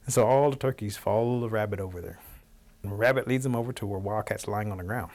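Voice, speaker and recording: A man telling a folktale as a storyteller, relaxed, chuckling between lines. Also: fairly low pitch, fast. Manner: relaxed, chuckling narration with fillers. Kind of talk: oral storytelling.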